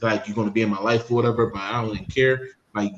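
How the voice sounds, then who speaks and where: Low-voiced man in a roomy recording. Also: fairly even intonation, dull audio. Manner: halting, restarts his sentences. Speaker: discussion participant. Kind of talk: casual group conversation. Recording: roomy echo with faint noise.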